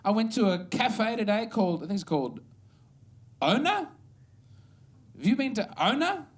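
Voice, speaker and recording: A man's voice: sits high, sing-song, moderate pace. A man from Adelaide with an Australian accent, performing a stand-up comedy set on a club stage, wry and self-deprecating with bursts of mock outrage.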